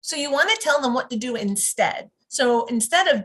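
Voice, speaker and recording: A woman coaching parents over a live video call, speaking calmly and instructively. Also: sits high, normal speed, rough recording. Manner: calm and instructive, lively when modeling praise. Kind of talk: teaching talk on live video.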